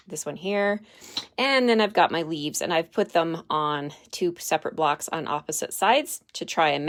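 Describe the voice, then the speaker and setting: A woman hosting a live card-stamping demonstration, chatty and friendly, thinking aloud as she works. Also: lowish voice.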